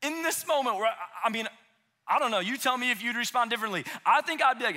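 A man in his thirties gives a sermon in a light, high voice with a bright, forceful edge. He speaks casually, acts out the voices of the people he quotes, then drops to a near hush to drive a point home. The tone is conversational rather than formal. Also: expressive, quick pace. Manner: dynamic, drops to hushed intensity for emphasis. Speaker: pastor. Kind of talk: sermon to young adults. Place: church auditorium.

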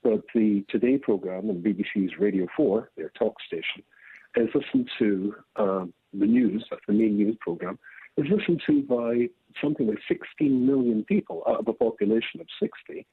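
A Scottish man speaks as an interview guest over a tinny, phone-like line. His delivery is lively and swoops around in pitch, with a gravelly, husky edge. He tells his stories with animation and laughs easily. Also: moderate pace, dry recording. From Scotland. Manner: animated storyteller, laughs often. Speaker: rabbi and radio guest. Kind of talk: remote interview.

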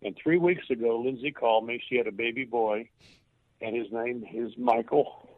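A man's voice: medium pitch, very animated, creaky, dry recording. Older man telling a story over the phone. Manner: halting, repeats words, moved to tears. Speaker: former baseball coach, guest. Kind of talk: emotional personal storytelling. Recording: tinny phone line.

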